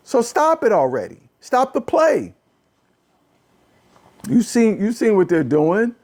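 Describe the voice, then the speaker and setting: A man hosting a casual political talk show, ranting in an animated, exasperated way, often repeating phrases and swinging from low muttering to a raised voice. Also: takes it slowly. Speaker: podcast host. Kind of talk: casual political commentary rant.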